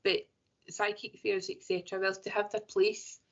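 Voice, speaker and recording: A woman's voice: mid-range voice, level tone, normal speed. A woman tarot reader talking thoughtfully in a casual interview, often circling back with "you know". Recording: dull lo-fi audio.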